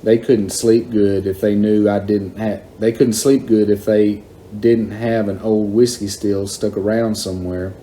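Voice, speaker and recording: A man's voice: on the low side, level tone, measured pace, dark tone, a little hiss or hum, close to an everyday voice. A man voicing an earnest country boy who talks to his old dog, in a storybook reading. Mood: muttering.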